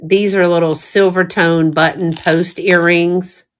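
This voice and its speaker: A woman's voice: lowish voice, fairly even intonation, unhurried, slight background noise. A middle-aged woman with a Southern US accent, chatting casually and folksily while showing thrifted jewelry, often breaking into giggles. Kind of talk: casual live-stream chat.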